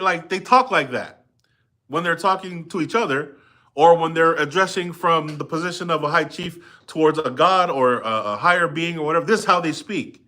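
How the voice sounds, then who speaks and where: A man's voice: fairly high pitch, normal speed, sharp tone. A middle-aged man reading a history book aloud live, stopping in a conversational way to explain and ask his listeners. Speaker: reader and commentator.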